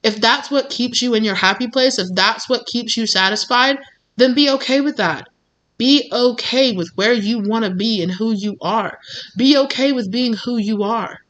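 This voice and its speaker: A woman's voice: fairly high pitch, normal speed, a bit bright. Encouraging woman doing a tarot reading. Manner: encouraging, repetitive, informal. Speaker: tarot reader.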